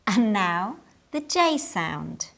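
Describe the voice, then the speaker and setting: A woman teaching English in a scripted lesson. She speaks at an extremely unhurried pace and shapes each word with care. Her pitch sits in a middle range. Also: sing-song, gravelly, a bit bright. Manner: careful, deliberate enunciation.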